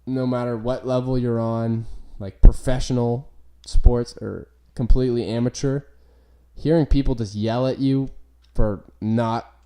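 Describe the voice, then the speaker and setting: A man's voice: medium pitch, fairly even intonation, a little slow, warm tone. A young man, hosting a podcast and rambling through casual stories with lots of swearing and "like" fillers. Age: young adult. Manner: rambling, profane, full of "like" fillers. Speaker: podcast host. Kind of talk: casual chat.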